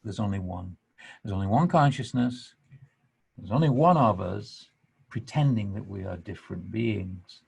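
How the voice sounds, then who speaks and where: An English man hosting a podcast, telling a spiritual story earnestly and emphatically. He swings from hushed to animated. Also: lowish voice, measured pace, vocal fry, breathy edge. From England. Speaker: podcast host.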